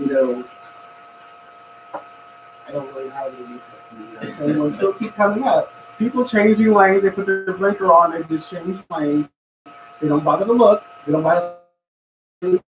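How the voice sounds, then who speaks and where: A man hosting a casual podcast chat, rambling and complaining with animated energy. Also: fairly high pitch, moderate pace, pauses often. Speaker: podcast host. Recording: echoey room, far from mic, noisy.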